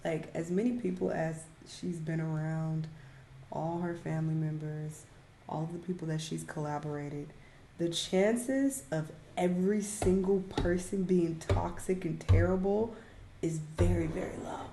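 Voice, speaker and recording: Skeptical woman with a gravelly low voice. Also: fairly even intonation, unhurried, dark tone, a little hiss or hum. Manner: skeptical, questioning. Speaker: reaction host. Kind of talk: reaction commentary. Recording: echoey room.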